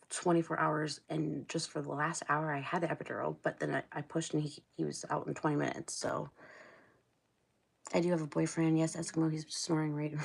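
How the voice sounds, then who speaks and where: Low-pitched and gravelly with a breathy edge, this voice belongs to a middle-aged Ohio woman hosting a casual livestream. She's talkative and rambling, often laughing and responding to her viewers' comments.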